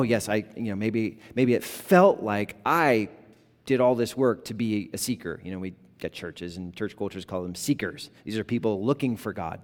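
A pastor in his thirties preaches in a large hall, his fairly low voice sounding conversational as he tells stories full of "like" and "you know."

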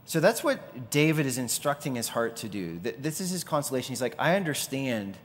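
A man's voice: medium pitch, very animated, fairly quick. A man preaching a sermon in a loose, conversational way, sometimes acting out the people he quotes. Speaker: pastor. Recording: long hall reverb.

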